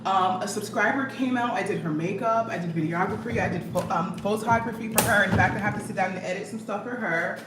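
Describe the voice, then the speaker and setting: Young woman, casual vlogger, animated and chatty, recorded from a distance in an echoey room with noise behind. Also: medium pitch, brisk, few pauses. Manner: chatty, animated, reading comments aloud. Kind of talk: casual vlog chat.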